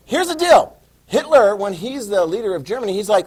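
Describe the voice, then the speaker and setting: A man teaching a high school history lesson in a casual lecture style, full of sarcastic asides and telling students to write things down. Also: big pitch swings, normal speed.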